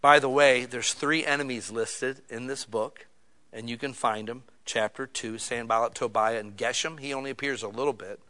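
A man preaching a conversational sermon to his small church, swinging between loud emphatic bursts and quiet, intimate asides. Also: mid-range voice, steady tone, moderate pace. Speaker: pastor.

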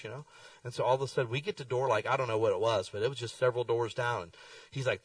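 A middle-aged man preaching a sermon, telling folksy stories with lively swings in his voice. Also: medium pitch, very fast, no room sound, far from the mic, rough recording. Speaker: pastor. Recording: dry sound, speaker away from the mic.

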